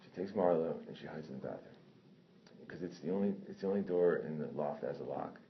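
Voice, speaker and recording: Deep-voiced man, casual profane storyteller who rambles and self-corrects; muffled lo-fi recording. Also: fast, vocal fry. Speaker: storyteller recounting a personal incident. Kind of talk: casual spoken anecdote. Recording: dull lo-fi sound with faint noise.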